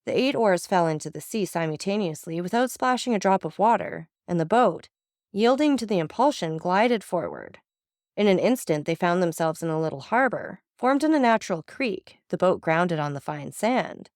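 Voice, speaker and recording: A woman's voice: lowish voice, lively intonation, normal speed, no room sound, clean studio sound. Woman narrating a classic novel. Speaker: audiobook narrator.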